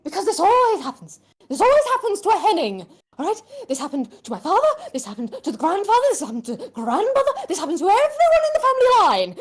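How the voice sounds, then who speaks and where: A frantic, shrill noble chicken lady. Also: huge pitch swings, full character voice. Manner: shrill, rushed, stammering. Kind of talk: tabletop role-play voicing.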